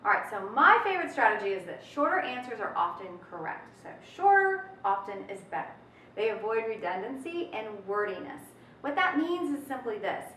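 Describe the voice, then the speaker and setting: A woman's voice: a little high, sing-song, fairly quick, bright, forceful tone, slight background noise. Upbeat woman teaching, echoey room. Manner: upbeat, chatty, with folksy asides. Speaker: test prep teacher. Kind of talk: recorded lesson. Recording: roomy echo, mic at a distance.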